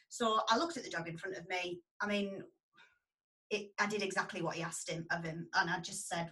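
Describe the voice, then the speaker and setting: A woman, telling a story about her dog grooming salon in a casual, animated way and acting out the people in it. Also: medium pitch, brisk, recorded from a distance, rough recording.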